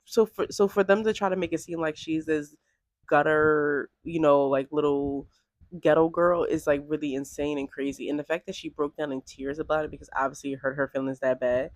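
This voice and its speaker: A woman talking casually to camera in a vlog, chatty and animated, peppering her speech with "like". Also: sits low, fairly quick, dry recording. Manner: chatty and animated, heavy use of "like". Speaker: vlogger.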